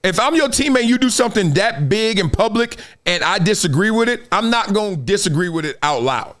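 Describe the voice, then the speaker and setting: A man's voice: sits high, animated, fairly quick, a bit bright. A middle-aged man hosting a live sports talk stream, telling stories animatedly, laughing and acting out quotes. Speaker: host.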